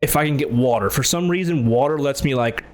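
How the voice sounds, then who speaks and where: A man on a casual podcast spins an animated story, acting out the other person's lines in his own voice. His pitch sits in the middle range, and he says "like" a lot and swears freely. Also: fairly quick. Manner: animated, acts out both sides of the story, laughs loudly. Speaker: podcast host.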